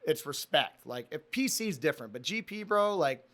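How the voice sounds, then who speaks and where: A man's voice: fairly high pitch, big pitch swings, fairly quick, a bit bright. A young man, a podcast guest, tells a casual, rambling story full of swearing, often calling the listener "dude". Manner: profane, rambling, says "dude" a lot. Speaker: podcast guest, former prison officer.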